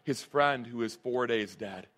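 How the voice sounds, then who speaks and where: A man's voice: medium pitch, a little slow, a bit bright. A male pastor preaching a sermon, earnest and emphatic, repeating his key phrases.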